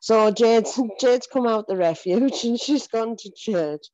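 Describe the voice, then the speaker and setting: A woman's voice: a little high, slow pace, darkish tone, dry recording, muffled recording. A woman giving an earnest, emotional personal faith testimony, often repeating herself and laughing between phrases. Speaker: church member giving testimony.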